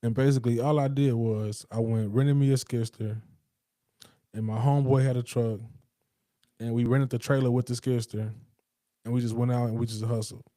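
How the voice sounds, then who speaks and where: A man's voice: medium pitch, steady tone, normal speed, mellow, no echo, studio quality. A man talking casually in a rambling, emphatic monologue, full of street slang and profanity. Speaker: podcast host.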